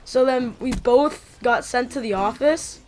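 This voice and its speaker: Rambling high-voiced woman telling a story. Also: unhurried, a little hiss or hum. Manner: rambling, animated, many "like" fillers. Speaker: vlogger. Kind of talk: casual storytime.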